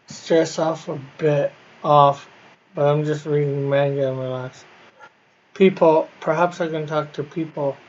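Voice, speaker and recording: A man with a slightly raised voice chats casually with his livestream viewers while he colors comic art. He talks haltingly, breaking off and rephrasing as he goes. The audio is dull and lo-fi, like a basic stream setup. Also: on the high side, a little mellow, a little hiss or hum. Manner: halting, restarts and self-corrections.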